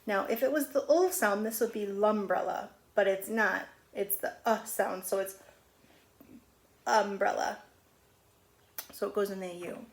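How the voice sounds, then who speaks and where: A middle-aged woman teaching a phonics lesson on video at home, stretching out letter sounds slowly and patiently. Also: medium pitch. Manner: slow, drawn-out sounding of letters. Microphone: camera on video.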